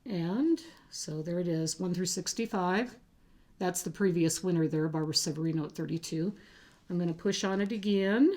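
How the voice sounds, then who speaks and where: A woman hosting a cross-stitch vlog, chatting casually to camera in a halting way, with frequent fillers and restarts. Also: on the low side, darkish tone.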